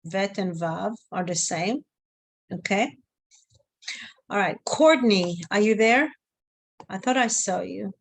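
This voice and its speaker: A woman's voice: mid-range voice, slow, vocal fry, long pauses. Patient woman teaching a class online, checking on her students. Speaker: Hebrew teacher.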